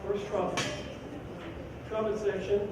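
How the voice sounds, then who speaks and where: Man, band clinician, animated and joking, somewhat high voice, very echoey band room, distant mic. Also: unhurried. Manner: animated and joking, sings rhythms aloud. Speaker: band clinician conducting a rehearsal. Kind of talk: rehearsal instruction. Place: school band room, indoors. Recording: very echoey room from far off with background noise.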